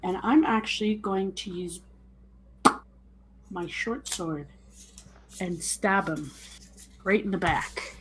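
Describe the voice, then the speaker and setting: Brief: woman player, middle pitch, casual and musing, faint hiss behind. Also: slow pace, pauses often. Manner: thinks aloud while deciding. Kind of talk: casual tabletop game chat.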